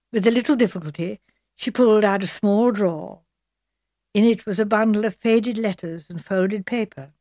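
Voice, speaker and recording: A woman's voice: mid-range voice, darkish tone, dry recording. Woman reading a mystery story aloud. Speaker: narrator. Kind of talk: audiobook narration.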